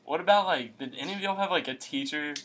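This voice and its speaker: A man's voice: fairly high pitch, fast, a little hiss or hum. A young man, hosting a casual chat and telling stories with lots of acted-out quotes. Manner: animated storyteller, acts out quotes.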